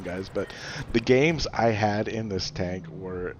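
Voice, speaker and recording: A man giving a relaxed, chatty game review with lots of fillers and little chuckles. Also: fairly low pitch, takes it slowly, lo-fi sound, a little hiss or hum. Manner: chatty, loose, many fillers, chuckles often. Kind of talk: casual gameplay commentary.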